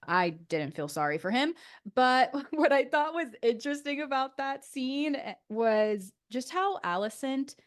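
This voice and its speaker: A young woman co-hosting a casual chat show, recapping a TV episode in an animated way, full of fillers and laughter. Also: sits high, a little slow. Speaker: podcast co-host.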